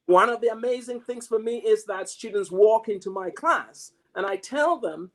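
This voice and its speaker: A man's voice: sits high, moderate pace, a bit bright. A man who teaches mathematics, giving a reflective, story-driven motivational talk with frequent restarts. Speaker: mathematics professor.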